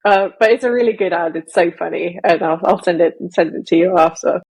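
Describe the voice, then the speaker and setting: A woman's voice: on the low side, a little fast, darkish tone, slightly rough, poor audio. A woman co-hosting a podcast in casual chat, rambling and correcting herself as she goes. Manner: rambling, self-correcting, laughs at own examples. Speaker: podcast co-host.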